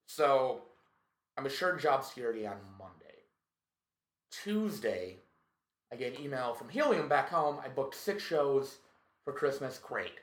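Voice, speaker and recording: A male comedian telling a story in casual chat, profane and animated, acting out what people said. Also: mid-range voice, a little slow, pauses often. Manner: profane, animated, tells stories with acted quotes. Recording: echoey room.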